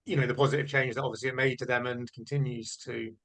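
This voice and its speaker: A man's voice: medium pitch, little pitch movement, fast talker, a bit bright. A male host leads a conversational interview, affirming what his guest says before turning to the next topic. His voice sits in a middle range. He keeps it easygoing and laughs easily.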